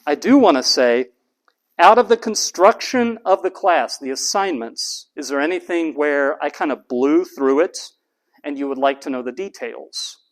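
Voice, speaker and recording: A middle-aged college professor from Texas lectures his class in an animated, emphatic way. His voice is a little higher than most men's, and he repeats words to stress a point. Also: moderate pace.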